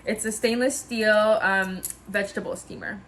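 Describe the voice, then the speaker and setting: A woman's voice: mid-range voice, fairly even intonation, normal speed, fairly bright tone, a little hiss or hum. Bubbly chatty woman vlogging in her kitchen. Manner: bubbly, enthusiastic, chatty with fillers. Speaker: wellness vlogger. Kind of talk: casual home cooking vlog.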